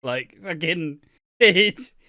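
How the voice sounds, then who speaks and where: A man's voice: on the high side, animated, very slow, pushed and bright, dry recording, studio quality. A man from Wales co-hosting a podcast, chatting casually, swearing freely and laughing often as he rambles. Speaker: podcast co-host. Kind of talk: casual chat.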